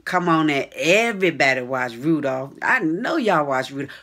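A woman's voice: sits low, lively intonation, normal speed, few pauses, a bit bright. A woman vlogger chatting casually to her viewers in a chatty, slangy way, laughing often. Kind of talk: casual chat to camera.

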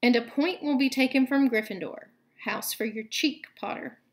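A woman's voice: fairly high pitch, moderate pace, natural voice. A woman voicing a cold, contemptuous male potions teacher in a read-aloud storybook, speaking in cutting, sneering tones.

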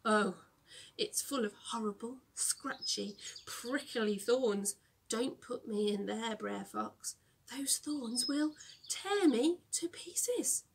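A woman's voice: on the high side, expressive, takes it slowly, husky, exaggerated voice. Brer Rabbit, a woman doing a cheeky trickster rabbit. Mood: pleading. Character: sly boastful young male rabbit trickster. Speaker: storyteller.

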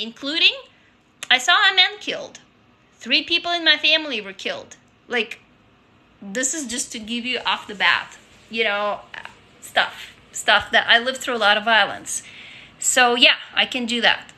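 A woman talks candidly and chattily into a phone held in her hand, reading out viewer comments. Her voice sits high and sounds sharply bright. She restarts often and swears freely. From Russia. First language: Russian. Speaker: livestreamer. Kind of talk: casual live-stream chat reading viewer comments. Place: home office, sitting on a couch. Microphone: handheld phone.

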